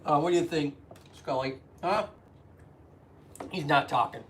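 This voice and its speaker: A man's voice: fairly high pitch, measured pace, a bit bright, a little hiss or hum. A chatty man hosting a casual live stream, greeting viewers by name and explaining anatomy with rambling asides. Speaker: physical therapist and live streamer. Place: indoors at home.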